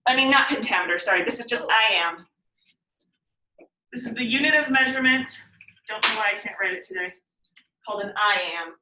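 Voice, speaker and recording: Woman teacher, bright slightly high voice, patient step-by-step explainer, caught from a distance. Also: lively intonation, noisy background. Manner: patient, repeats definitions slowly. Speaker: poetry teacher. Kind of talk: classroom lesson. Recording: echoey room, mic far off.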